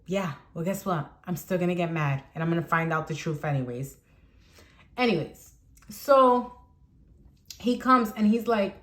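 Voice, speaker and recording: A young adult woman vlogger telling a personal story in a casual, animated way, filling her talk with "like". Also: on the low side, moderate pace. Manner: chatty, animated, heavy use of "like".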